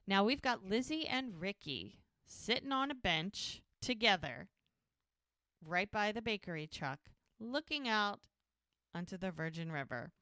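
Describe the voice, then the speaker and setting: A woman's voice: mid-range voice, expressive, unhurried, bright, forceful tone, no room sound, clean studio sound. A woman co-hosting a podcast, casually recapping a TV episode scene by scene and acting out the characters' lines. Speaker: podcast co-host.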